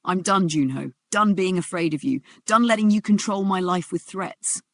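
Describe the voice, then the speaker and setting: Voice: mid-range voice, moderate pace, no echo, pitched above the performer's own voice, natural voice. A narrator voicing a frightened but defiant young mother with a shaky voice, in a narrated drama story. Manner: shaky, pleading, then firm.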